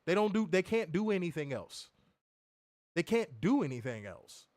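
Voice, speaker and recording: A man hosts a casual wrestling review show, his fairly high voice swinging widely as he mocks and tells stories. The recording is dry and close, with no room sound. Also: normal speed, no echo. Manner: animated, mocking, lively storytelling with impressions. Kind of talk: casual profane podcast banter.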